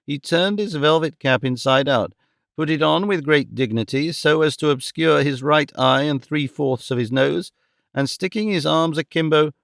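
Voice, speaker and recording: A man narrating a classic novel as an audiobook in a measured, even storytelling manner. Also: medium pitch, gravelly, dry recording, studio quality. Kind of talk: scripted narration.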